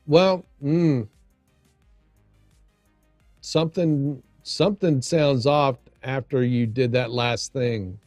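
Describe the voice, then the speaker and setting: Relaxed man rambling on a livestream. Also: mid-range voice, takes it slowly, long pauses, no echo, soft background music. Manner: rambling, with frequent restarts and chatting to viewers. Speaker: livestream host. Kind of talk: casual live-stream chat.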